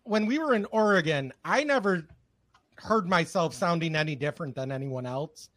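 A man from Michigan with a Midwest accent, chatting casually on a podcast, laughing often and pausing on fillers. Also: a little high, lively intonation, fairly bright tone, no room sound. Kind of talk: casual chat.

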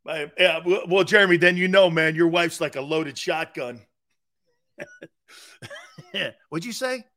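Brash, slow-talking sports show host. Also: male voice, fairly high pitch. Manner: loud, joking, laughs at his own lines. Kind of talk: live sports talk show.

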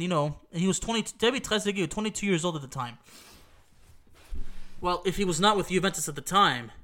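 A man's voice: high-pitched, bright, forceful tone. A man retelling a football final he watched with his dad, emphatic and repetitive, swearing now and then, his voice stuffy from allergies. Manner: emphatic, repeats himself, swears, asks "okay?". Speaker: football fan recounting a match. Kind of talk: excited casual storytelling.

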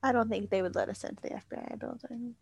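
A woman's voice: a little high, fast, vocal fry, darkish tone, husky, no room sound. A woman co-hosting a casual chat, teasing her friend and laughing often. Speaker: podcast co-host.

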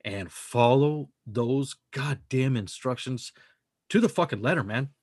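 A man's voice: medium pitch, measured pace, darkish tone, breathy edge, no echo, studio quality. A man co-hosting a podcast, talking in a casual, profane, emphatic way that rambles from point to point. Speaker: podcast co-host.

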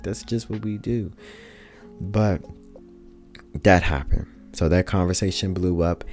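A man's voice: low voice, a little mellow. A man talking earnestly in a reflective personal monologue, speaking colloquially to his listeners and repeating key points for emphasis.

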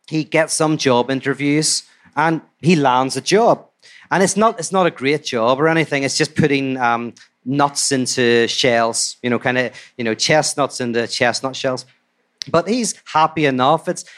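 A man telling a fairy tale to a live audience in a relaxed, conversational way with asides. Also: on the high side, a little slow. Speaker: storyteller. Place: live talk before an audience.

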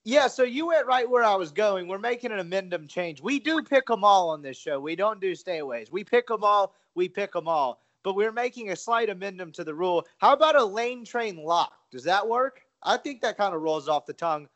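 A man's voice: sits high, animated, brisk, few pauses, a bit bright. A man co-hosting a sports betting podcast in casual, self-deprecating, rambling chat. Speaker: podcast co-host.

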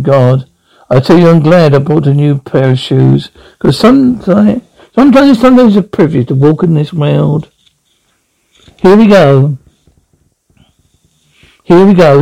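A man's voice: on the high side, gravelly, dark tone, low-quality recording. A middle-aged man with a Glasgow Scottish accent, blustering and rambling coarsely through a scripted comic monologue. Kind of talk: scripted comedy performance.

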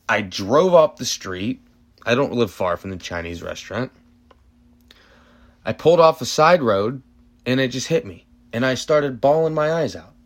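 A man in his thirties talks alone on his sports podcast at an ordinary mid pitch. He argues with passion, stacking rhetorical questions and circling back to his points. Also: a bit bright. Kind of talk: emotional sports opinion monologue.

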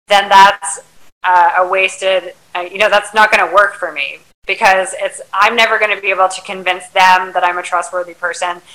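Bright-voiced woman giving advice. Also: mid-range voice, rough recording. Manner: reflective, advice-giving, frequent fillers. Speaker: podcast guest, charter yacht crew. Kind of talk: casual interview chat.

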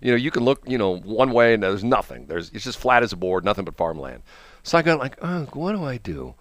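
A man's voice: fairly low pitch, quick pace, dry recording. A man hosting a morning radio show, telling a rambling story with frequent laughs, from the Midwestern United States. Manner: rambling, animated, laughs often. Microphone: studio microphone.

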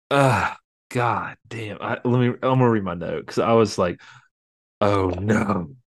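A man co-hosting a podcast, recapping a video game in a relaxed, rambling way. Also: fairly low pitch, measured pace, no room sound, studio quality. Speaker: podcast co-host. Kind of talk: casual chat about a video game.

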